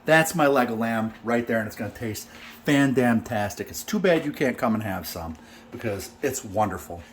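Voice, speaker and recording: A man's voice: medium pitch, expressive, normal speed, a little hiss or hum. A middle-aged man cooking in his home kitchen for a casual vlog, talking in a brash, joking, boastful way. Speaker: home cook vlogger.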